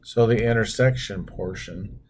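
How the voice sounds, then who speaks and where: A man's voice: fairly low pitch, a little slow, darkish tone, slightly rough. A man teaching math as he draws on a computer screen, talking through each step with self-deprecating asides. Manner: talks through steps while drawing, self-deprecating asides. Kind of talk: screen-recorded math lesson.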